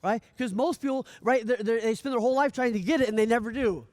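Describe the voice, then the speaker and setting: A man giving a motivational coaching speech, energetic, often asking "right?" and acting out little dialogues. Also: extremely high pitch, fast, no echo. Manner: energetic, repeats "right?" often, stammers on restarts; acts out dialogue in lively voices. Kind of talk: motivational talk.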